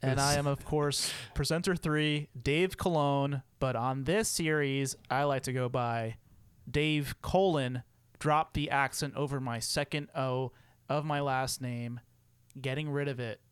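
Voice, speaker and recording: A man's voice: medium pitch, steady tone, measured pace, clear, resonant tone, no echo. A young man co-hosting a podcast, rambling playfully and laughing often in casual chat. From United States. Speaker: podcast co-host.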